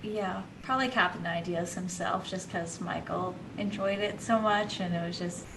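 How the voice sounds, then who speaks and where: A woman co-hosting a casual panel chat, hesitant and trailing off, quick to agree. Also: fairly low pitch, vocal fry, noisy background. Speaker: podcast co-host.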